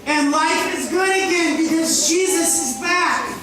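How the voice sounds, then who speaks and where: A woman telling a Bible story to campers, acting it out with sudden shouts and hushed drops. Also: very high-pitched, measured pace, a crowd in the background. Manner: dramatic, swings from excited shouts to hushed tones. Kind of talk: animated Bible story for children. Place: large indoor hall at a day camp. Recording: echoey hall from far off.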